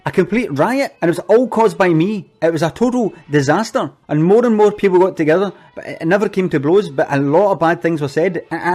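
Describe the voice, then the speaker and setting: A man's voice: high voice, a little mellow. A man voicing an anxious, flustered male event organiser who stammers and repeats his words in an earnest, apologetic way. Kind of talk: comic monologue.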